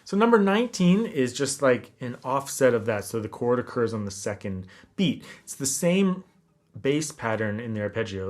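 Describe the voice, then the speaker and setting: Brief: male guitar teacher, mid-pitched voice, easygoing explanations, guitar playing behind. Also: normal speed. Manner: relaxed, explanatory, counting beats aloud. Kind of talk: instructional lesson talk. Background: classical guitar playing.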